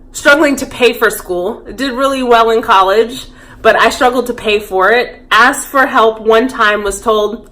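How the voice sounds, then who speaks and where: A woman's voice: on the high side, pushed and bright. A woman in her thirties talking candidly and reflectively to camera in a personal vlog. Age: 30s. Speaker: vlogger.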